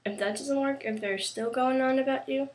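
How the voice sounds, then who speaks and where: A teenage girl vlogging casually to camera, rambling and halting with many fillers and restarts. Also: high-pitched, a little mellow.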